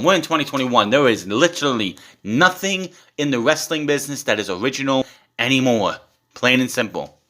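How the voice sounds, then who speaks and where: A man's voice: mid-range voice, animated, fairly quick, pushed and bright. Profane, blunt young man ranting. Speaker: wrestling show reviewer. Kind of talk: casual rant review.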